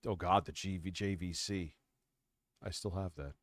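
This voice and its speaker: A man with a low voice jokes and scoffs through casual stream commentary. His sound is dry and close, with little room in it. He laughs often as he mocks. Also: normal speed, no echo. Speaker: stream co-host.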